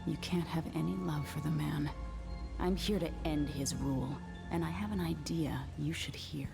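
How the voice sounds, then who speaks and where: A steely young empress turned assassin, speaking low, calm and direct. Her voice sits very low and carries a gravelly edge. Game music plays clearly behind her. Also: moderate pace.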